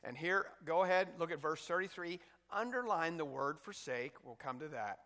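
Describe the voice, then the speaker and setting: A man's voice: on the high side, expressive, moderate pace, pushed and bright, in a large hall. A male pastor preaching a sermon, emphatic, reading scripture aloud between points, with an occasional cough. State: coughing now and then.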